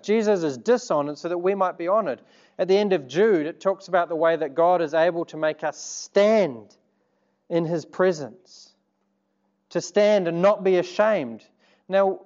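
A man's voice: sits high, darkish tone, muffled recording. A man preaching a sermon, earnest and conversational, turning to the congregation with asides. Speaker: pastor.

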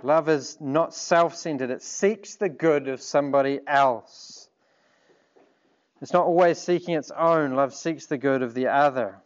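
A man preaching a sermon in an earnest, measured way, asking rhetorical questions. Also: fairly high pitch, dull audio.

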